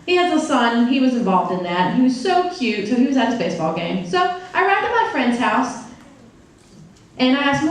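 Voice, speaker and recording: A woman interpreter voicing a deaf storyteller on stage for a live audience. She talks in an animated, playful way. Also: high voice, a little fast, far from the mic. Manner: animated, playful, acts out quoted characters. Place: large room before a live audience. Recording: very echoey hall, picked up from afar.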